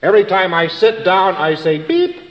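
A man's voice: high voice, very animated, normal speed. A man doing a touchy odd fellow who says beep. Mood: earnest. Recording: echoey hall, dull lo-fi archive.

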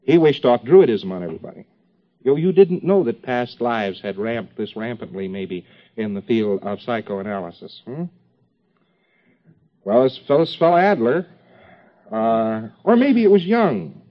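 A man's voice: fairly low pitch, expressive, moderate pace, long pauses. A man giving an informal lecture to a class, rambling with joking asides and many fillers. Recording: dull lo-fi old tape recording.

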